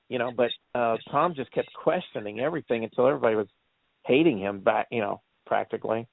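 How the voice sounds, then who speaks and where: A man with a fast, gravelly, mid-range voice co-hosts a casual movie review chat, rambling through stories, acting out quotes, and laughing often. The sound is dry, with no echo, over a tinny phone-like line.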